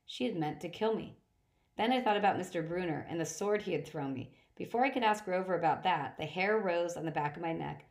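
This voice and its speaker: A woman reading a first-person story aloud, steady, with occasional slips and restarts. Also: lowish voice, fairly quick. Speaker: audiobook reader.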